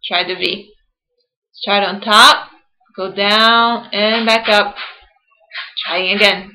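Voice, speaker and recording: A woman teacher leading an early-years phonics lesson, patient and sounding words out slowly. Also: mid-range voice, steady tone, pushed and bright, slight background noise, rough recording.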